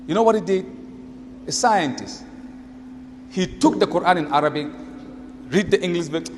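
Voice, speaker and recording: Man, preacher, storytelling sermon, dramatic rhetorical questions, high voice, faint background hiss. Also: moderate pace, pauses often, long reverb tail.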